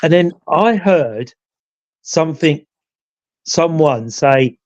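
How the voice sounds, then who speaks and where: On a live chat show, a regular guest who hunts ghosts rambles through the tale of an investigation, peppering it with "you know." His medium-pitched voice has a darkish tone and a moderate pace. There's no room sound, and the audio is lo-fi.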